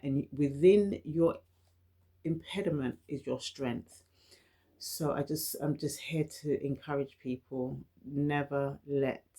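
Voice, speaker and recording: A woman's voice: deep voice, darkish tone. Earnest London woman who stutters. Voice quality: stutters, with frequent repeated words and restarts. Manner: candid, earnest and encouraging, with light laughs. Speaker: vlogger. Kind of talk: personal reflective talk to camera.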